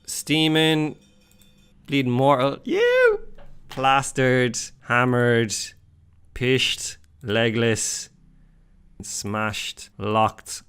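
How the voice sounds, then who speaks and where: A young man with an Irish accent chatting casually and reacting to a quiz, self-mocking and animated. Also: medium pitch, very slow, clear, resonant tone. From Ireland. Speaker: YouTuber. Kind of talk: casual vlog commentary.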